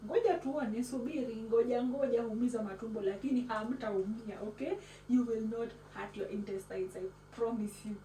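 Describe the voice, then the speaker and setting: A woman hosts a casual cooking vlog. She talks in a chatty, playful way with a fairly high voice and slips words into her English. The recording is roomy and picks her up from across the kitchen, with clear background noise. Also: normal speed, mellow. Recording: echoey room, mic at a distance, background noise.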